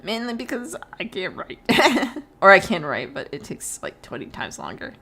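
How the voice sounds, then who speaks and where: A woman's voice: mid-range voice, huge pitch swings, normal speed, bright, forceful tone. A teenage girl live streaming, chatting casually and rambling through stories, laughing often and swearing freely. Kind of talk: casual chat while drawing on stream.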